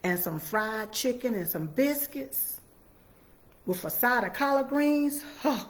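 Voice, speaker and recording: A woman's voice: on the high side, animated, slow pace. A woman hosting a casual live stream from her home computer, chatting folksily with viewers. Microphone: computer mic.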